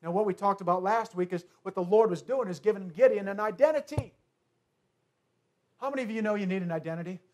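A male pastor delivering a sermon, repeating key phrases emphatically and moving between soft asides and loud declarations. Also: high-pitched, quick pace.

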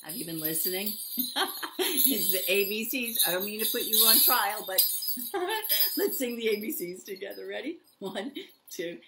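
An older woman leading a toddler story time, talking straight to small children in an animated, sing-song way. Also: medium pitch, moderate pace, very noisy. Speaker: children's librarian.

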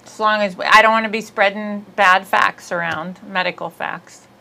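A woman hosts a loose, comedic chat with a bright, clear-ringing voice. She rambles from one thought to the next and giggles often. She pokes fun at herself as she goes. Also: medium pitch, fairly even intonation, moderate pace, poor audio. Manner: rambling, giggly, self-deprecating. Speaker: podcast host.

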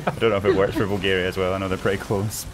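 A Scottish man hosting a game stream, chatty and quick to laugh as he reads out viewer messages. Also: low-pitched, level tone. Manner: chatty, laughs often while reading out messages. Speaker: stream host reading chat. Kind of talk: casual game stream chat. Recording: game stream with background noise.

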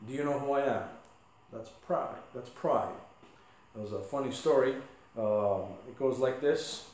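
A man's voice: mid-range voice, a little slow, darkish tone. A male pastor giving a conversational sermon with asides and light humor. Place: church sanctuary. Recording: echoey church sanctuary.

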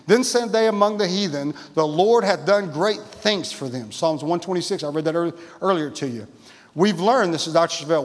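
Man, pastor, high voice, lively sermon, laughs and shouts, long church reverb. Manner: exuberant, laughs and shouts, calls for responses. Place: church sanctuary.

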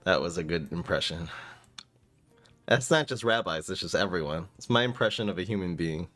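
A man with a low-set voice that swings widely up and down as he calls out his card game plays. He talks casually and bursts into excited exclamations, with faint music playing behind him. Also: brisk. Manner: excitable, prone to sudden exclamations. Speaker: gaming YouTuber. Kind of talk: casual gameplay commentary.

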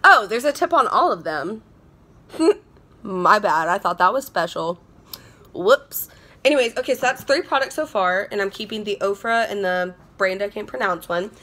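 A woman's voice: medium pitch, animated, moderate pace, bright, forceful tone. Bubbly young woman gushing over makeup. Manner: bubbly, gushing, repeats herself. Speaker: beauty vlogger. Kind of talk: casual unboxing chat. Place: indoors at home.

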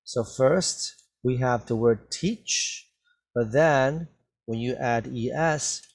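A man teaching English vocabulary, reading slowly and repeating each word clearly for learners, speaking through a mask. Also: medium pitch. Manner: very slow, carefully enunciated, repeats words for learners. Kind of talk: slow classroom reading and vocabulary drill. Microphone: wears a mask while talking.

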